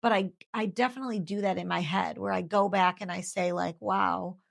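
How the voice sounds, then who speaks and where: A woman's voice: mid-range voice, fairly even intonation, fairly quick, creaky. A woman in her thirties sharing her faith story in an interview, earnest and heartfelt, repeating phrases for emphasis.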